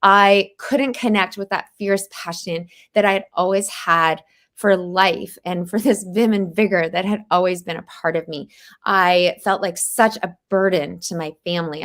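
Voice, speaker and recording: A woman's voice: fairly low pitch, fairly even intonation, moderate pace, a bit bright. A woman in her forties hosting a podcast interview, speaking earnestly and with emphasis. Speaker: podcast host.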